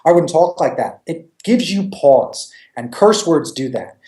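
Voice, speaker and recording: A man from New York, a comic creator, chatting in a casual interview with a joking, animated manner and free swearing. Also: on the high side, unhurried, roomy sound.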